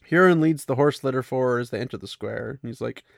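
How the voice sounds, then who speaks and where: A man's voice: medium pitch, quick pace, creaky, no room sound, clean studio sound. A man casually recapping a fantasy novel, chatty and amused, lightly voicing the characters as he goes. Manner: chatty, laughs at the story, voices characters lightly. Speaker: book recap host.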